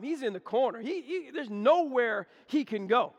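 Male pastor, high voice, folksy storyteller, church hall echo. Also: moderate pace, vocal fry, muffled recording. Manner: folksy, animated storytelling, repeats words. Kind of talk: sermon with storytelling. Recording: echoey hall.

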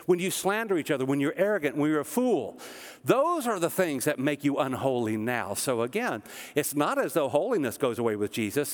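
A man's voice: medium pitch, sing-song, fairly quick, long reverb tail. A man from the American South preaching a conversational sermon with joking asides, as pastor. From American South, Tennessee. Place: church auditorium.

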